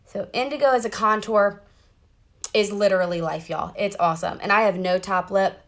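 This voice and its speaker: A chatty woman, talking straight to her viewers as she walks them through her makeup on a live stream. Her voice sits at a middle pitch, and she sounds bubbly and friendly. She is recording from inside a car. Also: moderate pace. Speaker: makeup seller doing a live demo. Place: parked car.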